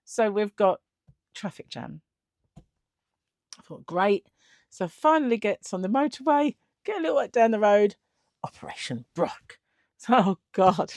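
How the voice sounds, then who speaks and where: A woman's voice: mid-range voice, darkish tone, no echo, studio quality. A middle-aged woman telling a story in a casual vlog, chatty and laughing often, acting out the other people in it. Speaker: vlogger.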